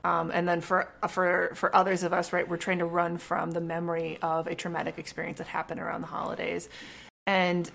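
Casting note: podcast co-host, woman with a fry-edged voice, dry teasing humor. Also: lowish voice, monotone, fairly quick, fairly bright tone. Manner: wry, teasing, dry asides. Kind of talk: casual chat.

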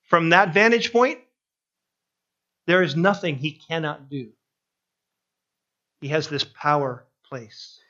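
Bright-voiced, emphatic preacher. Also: male voice, lively intonation, slow pace, pauses often, lo-fi sound. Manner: emphatic, builds to climaxes, then drops low. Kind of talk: sermon.

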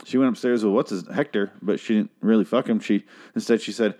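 Reviewing a TV series on his podcast, this man has a mellow voice on the low side and talks a little fast. His talk is casual, profane and meandering, packed with fillers.

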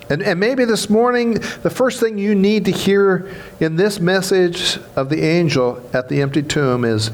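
A man's voice: high voice, unhurried. A man preaching a sermon as pastor. He is emphatic, repeats key phrases and asks the congregation questions. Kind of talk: Easter sermon.

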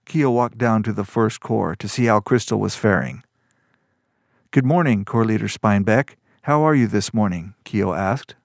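A man reading a fantasy story aloud as narrator, in an even, measured manner. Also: no room sound, studio quality. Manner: even, measured storytelling, lifts pitch for dialogue. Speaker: audiobook narrator.

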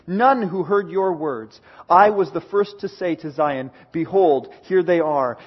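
A man preaching a sermon, reading scripture aloud with dramatic swings between booming declarations and hushed lines. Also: breathy edge, lo-fi sound.

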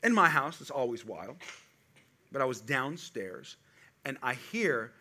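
A middle-aged man preaching a sermon to a congregation, with animated call-and-response delivery. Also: mid-range voice, unhurried, a little hiss or hum. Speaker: pastor.

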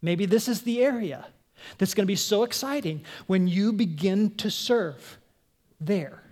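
A woman pastor preaching a conversational sermon, animated, asking her congregation questions and acting out voices. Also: unhurried. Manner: animated, acts out quoted voices in a higher pitch.

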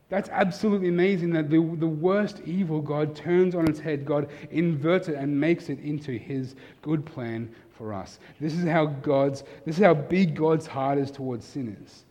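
A pastor delivering a sermon, swinging from emphatic, raised passages to soft, intimate ones. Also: male voice, on the high side, moderate pace, dull audio. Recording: long hall reverb.

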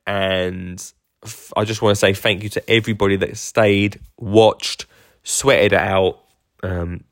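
The speaker, a podcast host and garden entertainer, gives a casual monologue on his show, talking with enthusiasm and wandering off track through plenty of fillers and restarts. His voice runs on the low side, captured in studio quality without any room sound.

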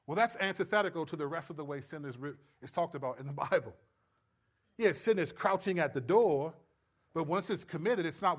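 A man preaching a sermon and teaching from scripture, lively and humorous, acting out imagined dialogue. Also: a little high, fairly quick. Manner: animated, acts out quoted voices with humor.

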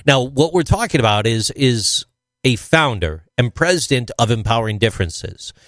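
A man's voice: mid-range voice, animated, normal speed, fairly bright tone, no echo. A man hosting a casual talk show, joking and then reading a guest's introduction. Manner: jokey, reads introductions aloud. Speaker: host. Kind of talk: casual chat.

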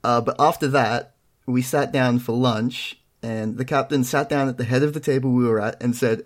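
A man's voice: medium pitch, fairly even intonation, moderate pace. A young man telling stories in a casual chat, dry and self-mocking. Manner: dry, self-deprecating storytelling. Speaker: podcast co-host.

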